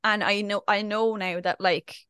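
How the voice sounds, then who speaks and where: A woman's voice: mid-range voice, fairly even intonation, moderate pace, sharp tone, clear, resonant tone, no echo. Chatty young woman with dry sound. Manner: chatty storyteller acting out quoted speech. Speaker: podcast co-host. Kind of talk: casual chat.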